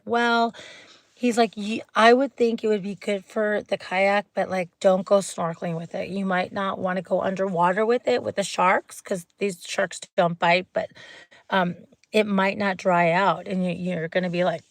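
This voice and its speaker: A woman's voice: mid-range voice, no echo. Woman, livestream host, rambling storyteller, dry close mic. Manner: rambling storytelling, drops to whispers. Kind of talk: late-night livestream chat.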